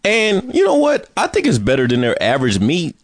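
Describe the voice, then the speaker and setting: A man's voice: a little high, huge pitch swings, fairly quick. Teasing laid-back man in his thirties. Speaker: podcast co-host. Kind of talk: casual food review chat.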